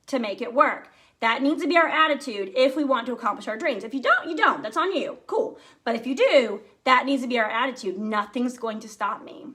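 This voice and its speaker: High-voiced woman giving a pep talk. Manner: energetic, chatty, addresses listeners directly. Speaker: sales team director. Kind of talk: motivational team talk.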